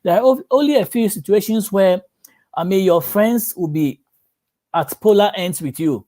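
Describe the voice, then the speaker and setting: A man's voice: high voice, moderate pace, mellow. A man preaching a sermon as a pastor, telling stories and acting out the voices of the people in them.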